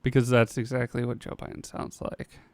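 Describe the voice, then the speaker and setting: A man's voice: mid-range voice, monotone, normal speed, smooth, no room sound. A man co-hosting a casual podcast, making dry wisecracks. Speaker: podcast co-host. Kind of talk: casual chat.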